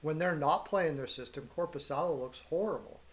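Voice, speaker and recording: A man's voice: fairly high pitch, a little fast. Upbeat, jokey man hosting a chat show. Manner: upbeat, loose, jokey, shouts out viewers. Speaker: show host. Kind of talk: casual hockey chat show.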